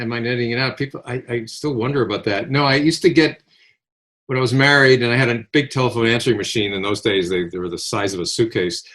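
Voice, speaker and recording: An older man from Connecticut telling lively anecdotes in a casual chat and acting out the voices of the people in his stories. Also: medium pitch. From Connecticut, USA. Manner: animated anecdotal storyteller, acts out quoted voices. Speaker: podcast co-host. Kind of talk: casual reminiscing storytelling.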